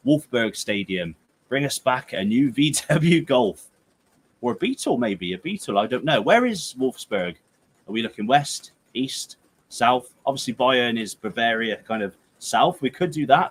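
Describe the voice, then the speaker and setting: Chatty West Country English football streamer. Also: male voice, medium pitch. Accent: Gloucestershire/Herefordshire English. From England. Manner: chatty, jokey, rambling, with playful outbursts. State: tired. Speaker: football livestream host. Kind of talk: casual livestream chat reading viewer comments.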